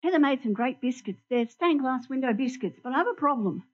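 A woman giving an animated sermon in a church, asking the congregation questions and showing them props. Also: sits high, brisk. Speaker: church speaker. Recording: dull lo-fi recording.

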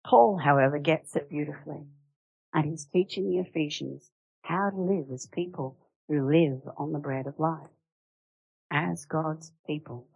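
Low-voiced woman preaching a lively sermon. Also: unhurried, gravelly, breathy edge, dry recording, lo-fi sound. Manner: conversational, animated, with rhetorical questions.

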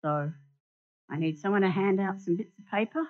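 A woman's voice: medium pitch, moderate pace. Woman preaching with props, lo-fi. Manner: animated, asks the congregation questions. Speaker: church speaker. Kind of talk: interactive sermon with props. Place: church. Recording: dull lo-fi recording.

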